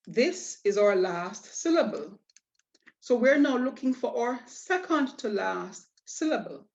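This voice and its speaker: A woman teaching a language lesson, explaining step by step with patient, drawn-out examples and rhetorical questions. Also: fairly high pitch. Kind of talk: slow, deliberate lesson explanation. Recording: dull, lo-fi audio.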